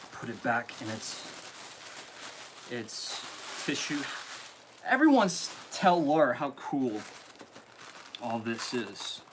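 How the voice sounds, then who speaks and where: Slow-talking man on a live stream. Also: medium pitch, a little hiss or hum. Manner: animated, gushing, reads a card aloud and stumbles. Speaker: live-stream host unboxing fan gifts. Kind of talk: casual live-stream chat.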